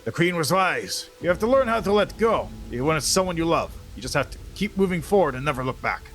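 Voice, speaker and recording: A man's voice: on the high side, very animated, quick pace, a bit bright, faint music behind. A man voicing a weary, battle-worn male dwarf who guards a banner, reading game dialogue aloud in character in a solemn, loyal tone. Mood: wistful.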